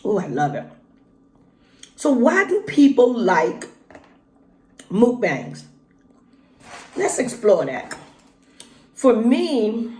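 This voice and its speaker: Folksy woman chatting while eating. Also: medium pitch. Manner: chatty, folksy, talks between bites with pauses. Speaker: vlogger. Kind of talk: casual mukbang vlog, talking while eating. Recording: echoey room.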